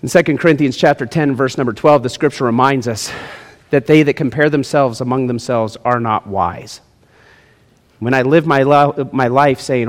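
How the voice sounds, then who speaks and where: A male pastor preaching a lively, jokey sermon in a church, swinging between loud and hushed. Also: mid-range voice, moderate pace, long reverb tail. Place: church sanctuary.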